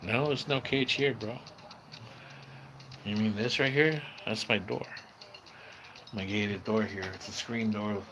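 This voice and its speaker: Against a noisy background, the man talks slowly at a fairly low pitch in a steady tone, pausing often. He's a San Diego, California livestream host at home near a screen door, casually chatting with viewers and calling them bro and dude.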